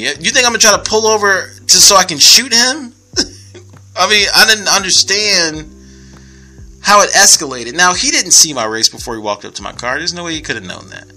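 A young man with a very bright, lively voice tells a story in a relaxed podcast chat. He laughs as he goes and briefly acts out the other people in the tale. Faint music plays behind him. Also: high-pitched.

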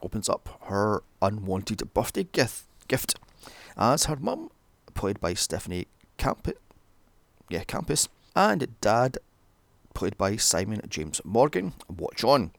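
Sarcastic British man with a gravelly voice. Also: on the low side, big pitch swings, slow, no room sound. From Britain. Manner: sarcastic, profane, wandering asides. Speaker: film reviewer. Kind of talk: sweary comedic movie recap.

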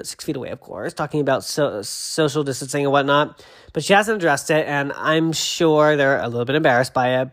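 Fast-talking, rambling gossip podcast host. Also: medium pitch. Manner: rambling, excitable, says "literally" a lot. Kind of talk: casual gossip commentary.

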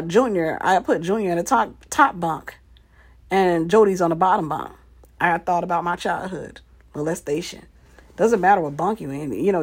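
A woman with a husky, slightly breathy voice tells a story from her own life in a relaxed, conversational way. She slips into the voices of the people she quotes and repeats key phrases for emphasis. Her pitch sits in an ordinary middle range. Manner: animated, acts out quoted dialogue. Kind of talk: casual personal storytelling.

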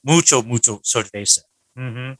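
A man's voice: mid-range voice, normal speed, no room sound, low-quality recording. A man hosting a casual podcast chat, joking around and rambling with lots of fillers. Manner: jokey, rambling with many fillers. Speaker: podcast host. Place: home podcast studio.

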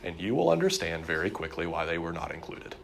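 A man's voice: sits low, sing-song, fast talker, gravelly, slight background noise. A man teaching a church history class in a conversational lecture, with frequent fillers and repeated words.

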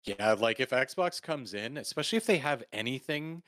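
A man's voice: mid-range voice, animated, normal speed, fairly bright tone, no room sound. Laid-back man, dry close sound. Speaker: podcast co-host. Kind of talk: casual chat.

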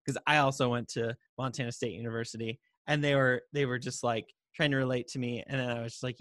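A man's voice: medium pitch, steady tone, quick pace, hardly any pauses, fairly bright tone, no room sound, studio quality. A young man telling rambling, crude stories in casual chat and laughing often as he talks.

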